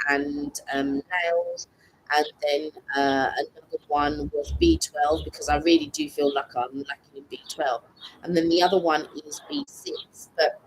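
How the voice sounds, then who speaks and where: A woman's voice: sits low, noisy background. A woman co-hosting a live stream from her garden, rambling casually with lots of fillers. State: recovering lost voice. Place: outdoors in a garden. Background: birdsong.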